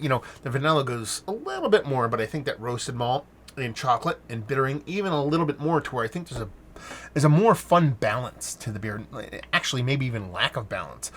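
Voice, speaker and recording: Speaking casually into a standalone mic, a man reviews a beer in a rambling way, stopping and restarting sentences and swearing now and then. His mid-range voice has a fairly bright tone.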